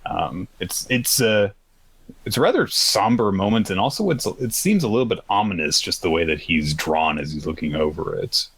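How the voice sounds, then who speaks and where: A man with a very low, deep voice talks through the week's manga chapters in a loose, rambling way, often jumping into higher voices to act out characters' lines. The sound is close and dry, with no room around it. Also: lively intonation, normal speed, a bit bright, breathy edge, no room sound. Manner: rambling, acts out characters' lines with pitched-up quotes. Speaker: podcast co-host. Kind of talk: casual chat recapping manga.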